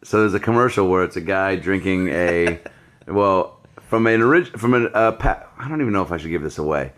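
A man hosting a podcast, chatting casually with profane, joking, animated storytelling. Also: low voice, a little fast. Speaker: podcast host. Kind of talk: casual chat.

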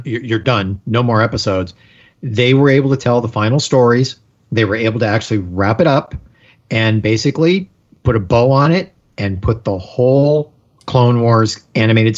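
Brief: earnest, rambling male co-host, mid-pitched, muffled lo-fi mic. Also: normal speed. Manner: emphatic, rambling. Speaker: podcast co-host. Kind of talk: casual podcast chat.

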